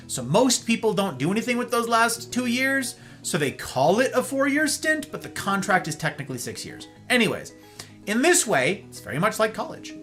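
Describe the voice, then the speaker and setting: A man's voice: fairly high pitch, bright, forceful tone. A male host giving an emphatic, sarcastic monologue on a live-streamed talk show, with playful asides.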